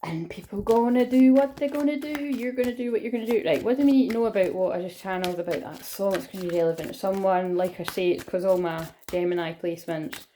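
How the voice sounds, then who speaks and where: A woman's voice: mid-range voice, fast talker, few pauses, warm tone, slight background noise. A woman giving a casual, rambling tarot reading, swearing freely and laughing often. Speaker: tarot reader.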